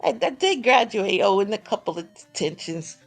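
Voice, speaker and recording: A woman with a New York accent casually commentating a video game tournament, excitable and quick to laugh. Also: medium pitch, soft background music.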